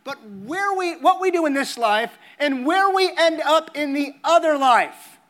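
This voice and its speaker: Male pastor, very high and bright-toned, earnest conversational sermon delivery with emphatic repetition. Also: animated, a little slow. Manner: earnest, conversational preaching with emphatic repeated phrases.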